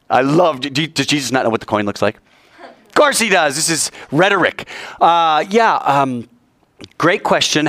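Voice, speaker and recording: A man preaching a sermon, telling the story with animated delivery and acting out the voices in it. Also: medium pitch, no room sound.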